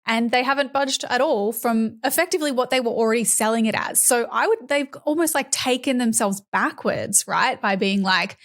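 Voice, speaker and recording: A woman with an Australian accent co-hosting a political podcast, talking in a sarcastic, sweary, animated way. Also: a little high, normal speed, hardly any pauses. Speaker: podcast co-host. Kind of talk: casual political chat.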